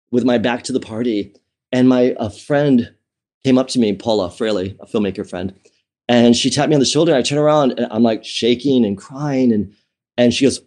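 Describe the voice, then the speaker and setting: A man speaks as an interview guest, recounting his life in a candid, emotional way. His voice is mellow and relaxed in tone, and he often restarts phrases and fills pauses with um and you know. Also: medium pitch. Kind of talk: personal storytelling in conversation.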